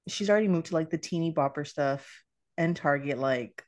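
A young woman who is a mother chats casually, telling stories packed with fillers and quoted back-and-forth dialogue. Her voice is low-pitched and darkish at a normal speed, recorded in studio quality with no echo.

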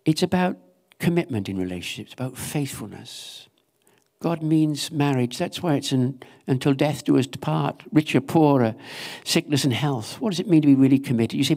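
A man's voice: mid-range voice, lively intonation, normal speed, a little mellow. A man preaching a sermon, telling a story in an earnest way and voicing the questions he imagines his listeners asking.

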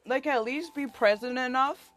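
A woman's voice: sits high, moderate pace, fairly bright tone. Heated, profane young woman ranting. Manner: heated, profane, rambling, filler-heavy; voice rising as she gets worked up. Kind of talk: angry personal rant to a friend.

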